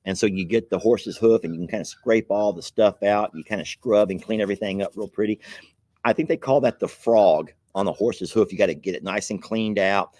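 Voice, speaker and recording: Folksy man, low and dry. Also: no room sound. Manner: chuckling, folksy, grateful. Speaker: channel host opening viewer mail. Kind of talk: casual chat to camera.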